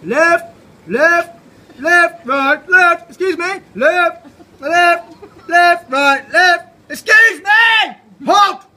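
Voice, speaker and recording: A man voicing a barking military male ant sergeant, drilling and questioning briskly, recorded outside a pub. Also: very high voice, sing-song, husky, pitched above the performer's own voice, exaggerated voice, poor audio. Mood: barking orders. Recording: loud outdoor background noise. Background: pub chatter and clinking dishes.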